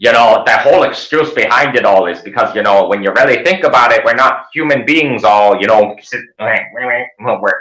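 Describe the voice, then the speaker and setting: A man's voice: mid-range voice, normal speed, hardly any pauses, pushed and bright, reverberant, low-quality recording. A man hosting his own channel, ranting in sarcastic, profane commentary. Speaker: channel host.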